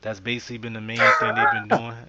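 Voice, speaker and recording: A man hosting a podcast in a casual, easygoing way, with many fillers. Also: mid-range voice. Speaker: podcast host. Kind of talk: casual sports talk. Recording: muffled lo-fi podcast audio.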